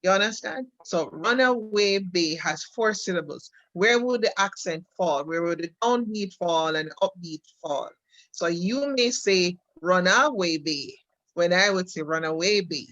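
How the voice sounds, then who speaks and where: A woman's voice: fairly low pitch, lively intonation, a little slow, fairly bright tone, no echo, lo-fi sound. A Jamaican woman co-hosting a casual chat, explaining things patiently with examples and often repeating her words. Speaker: co-host.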